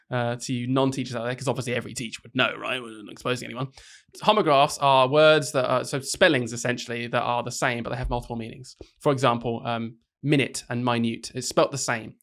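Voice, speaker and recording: A man's voice: mid-range voice, fairly bright tone. A young man hosting a casual podcast chat, teasing his co-host and laughing often.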